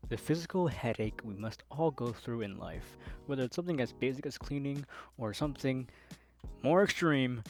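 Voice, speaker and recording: A twenty-one-year-old man rambles through his job stories in a chatty, exasperated voice, full of "like" and "you know." His pitch sits in the middle range for a man. Soft music plays faintly underneath. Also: animated, normal speed. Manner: chatty and exasperated, with frequent fillers. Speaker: storyteller. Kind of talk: storytime narration over gameplay.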